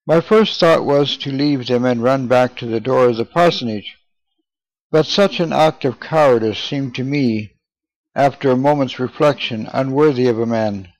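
A man reading a memoir aloud as scripted narration, steady and measured, slowing over names. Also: medium pitch, no echo, poor audio. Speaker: audiobook reader.

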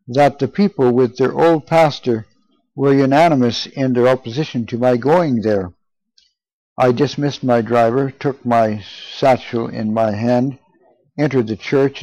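A man narrating a first-person memoir as an audiobook, earnest and measured. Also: mid-range voice, a little mellow, dry recording, poor audio.

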